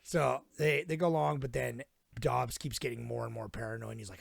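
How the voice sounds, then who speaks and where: A young man co-hosting a podcast, casually retelling a film plot in a rambling, profane way and slipping into quick voices for the characters. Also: medium pitch, steady tone, vocal fry, dry recording. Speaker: podcast co-host. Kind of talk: casual film recap chat.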